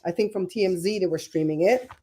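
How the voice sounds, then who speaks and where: Gossipy middle-aged lady running a live stream, animated, laughs a lot, mellow tone. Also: lowish voice, fast. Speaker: livestream host. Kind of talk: casual livestream chat.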